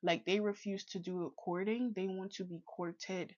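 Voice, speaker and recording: A woman vlogger giving casual commentary and advice in a calm, measured way. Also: medium pitch. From Canada. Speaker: reaction vlogger. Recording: dull lo-fi audio.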